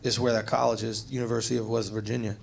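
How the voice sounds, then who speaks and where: A man's voice: mid-range voice, level tone, rapid-fire, gravelly. A man doing brash, teasing crowd work on a comedy stage, riffing with the audience on a handheld mic and laughing at his own lines. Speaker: stand-up comedian. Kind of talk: live stand-up crowd work. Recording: live show with loud crowd noise.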